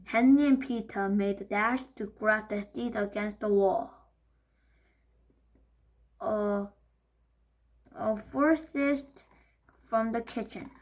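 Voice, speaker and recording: Slow, careful woman reading a storybook. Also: mid-range voice, poor audio. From Korea. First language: Korean. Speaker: storybook reader. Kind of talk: reading a children's book aloud.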